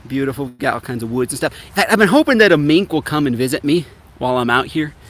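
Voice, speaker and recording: A fishing vlogger cooks outdoors on a riverbank while chatting casually with his livestream viewers, upbeat and speaking straight into a tripod-mounted camera. He talks fast with a medium, expressive voice. The outdoor camera audio carries loud ambient noise.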